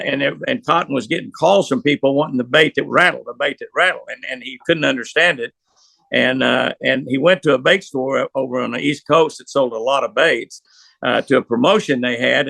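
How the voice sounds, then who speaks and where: A man's voice: mid-range voice, a little fast, vocal fry, sharp tone, no echo. An older man, a professional angler, telling rambling, folksy anecdotes in an interview. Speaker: pro angler guest. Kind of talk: storytelling interview.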